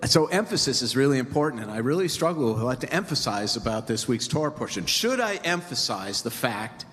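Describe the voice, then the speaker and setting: A man's voice: medium pitch, a bit bright. A man giving a sermon as a rabbi, in a conversational, joking storytelling way, in a temple sanctuary. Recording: reverberant hall, faint ambience.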